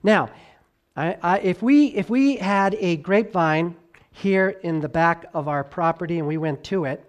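During his sermon, a male pastor alternates between loud, emphatic highs and soft, hushed lows. He drags key words out slowly and mixes in informal asides and faltering restarts.

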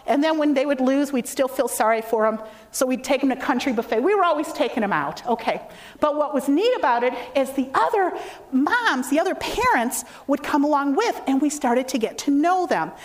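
A woman's voice: high-pitched, a little fast. A middle-aged woman giving a storytelling testimony in church, acting out the voices of the people she quotes. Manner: storytelling with lively acted quotes. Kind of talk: testimony sermon.

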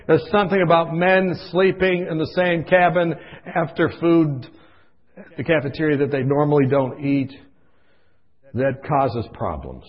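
A man preaching a sermon, impassioned, swinging from hushed storytelling to loud pleading, in a dull lo-fi recording. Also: on the high side, measured pace.

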